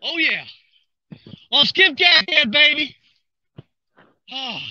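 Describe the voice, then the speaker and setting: A man, streaming live from a river bank and talking excitedly to his viewers while he fishes. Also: very high voice, slow, no room sound, highs cut off. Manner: excited, drawling, talks to viewers while reeling. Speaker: fishing livestreamer.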